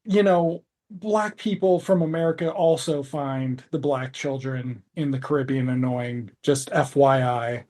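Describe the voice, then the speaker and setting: Male podcast co-host, mid-pitched, sarcastic and rambling, swears freely. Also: a little slow, darkish tone. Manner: rambling, profane, sarcastic recaps with trailing asides. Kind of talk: casual podcast chat.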